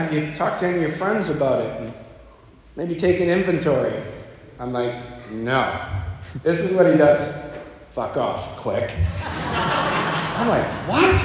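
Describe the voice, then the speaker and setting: A man telling his own recovery story at a meeting, slipping into a lower voice when he quotes others. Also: a little hiss or hum. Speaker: speaker sharing at a recovery meeting. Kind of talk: personal recovery talk. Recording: echoey hall, faint ambience.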